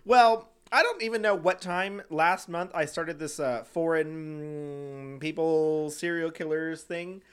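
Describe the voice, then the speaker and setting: A man's voice: fairly high pitch, takes it slowly, few pauses, a bit bright, smooth. A man co-hosting a casual true crime podcast, laughing often and trading teasing banter. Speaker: podcast co-host.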